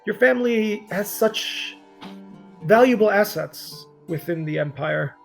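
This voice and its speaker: A man's voice: high-pitched, animated, measured pace, creaky, soft background music, voice pushed up, heavily acted. A man playing a probing noble courtier. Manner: inquisitive, courtly.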